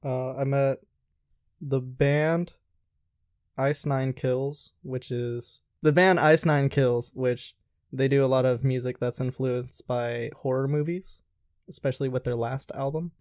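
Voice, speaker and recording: A man's voice: medium pitch, fairly even intonation, slow pace, a little mellow, dry recording, clean studio sound. A man hosting a podcast, chatting casually and rambling with crude jokes. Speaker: podcast host. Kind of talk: casual chat.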